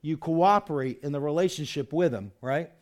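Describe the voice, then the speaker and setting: Higher-voiced man preaching casually. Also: normal speed. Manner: conversational preaching with rhetorical questions; frequent "you know" and stumbling restarts. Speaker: pastor. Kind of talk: sermon.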